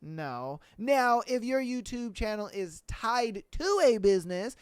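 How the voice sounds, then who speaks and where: A man hosts a solo podcast, ranting bluntly in casual slang with lots of swearing and animated energy. His voice is high-pitched and unhurried, with a clean tone, no room sound, and studio-quality audio.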